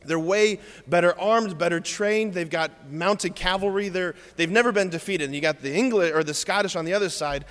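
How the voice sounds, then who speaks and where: A man preaching a sermon, telling stories with lively, playful asides to the congregation. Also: sits high, normal speed, few pauses, in a large hall.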